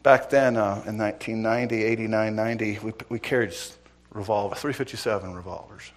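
Middle-aged male preacher, former cop, dramatic storyteller with loud-to-hushed delivery. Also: lowish voice, fairly even intonation, brisk. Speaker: preacher, former police officer. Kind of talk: sermon with personal story.

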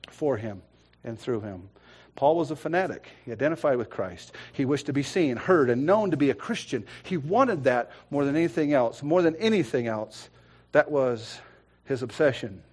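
A middle-aged man preaching a sermon, swinging between loud bursts and quiet asides and acting out the voices in his stories. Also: mid-range voice, lively intonation, moderate pace, husky. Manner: acts out quoted voices in storytelling. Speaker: pastor.

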